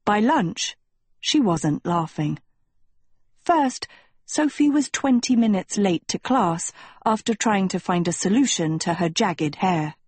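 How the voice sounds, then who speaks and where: A woman reading a storybook aloud with measured, expressive narration. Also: medium pitch, breathy edge, dry recording. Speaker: audiobook reader.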